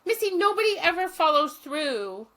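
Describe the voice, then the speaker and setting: Woman doing a tearful homeless man, high and choked. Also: big pitch swings, normal speed, bright, forceful tone, exaggerated voice. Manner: grateful, choked up.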